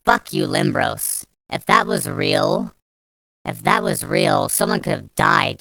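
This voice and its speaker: Young woman ranting on a vlog, low clear voice, swears a ton, keeps restarting. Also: expressive, slow, bright, forceful tone, no echo. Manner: angry, profane, rambling with restarts. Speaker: vlogger. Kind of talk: storytime rant.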